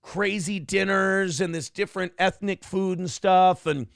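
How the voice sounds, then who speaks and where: A man's voice: high-pitched, measured pace, creaky, smooth, no echo, studio quality. A man hosting a morning talk show, telling stories in casual, profane chat and swearing freely. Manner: animated storyteller, swears freely.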